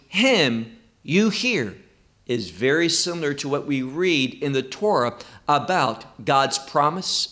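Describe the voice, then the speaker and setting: Male Bible teacher, slightly high voice, unhurried and emphatic, explaining scripture. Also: a bit bright. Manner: slow, emphatic, quoting scripture verse by verse.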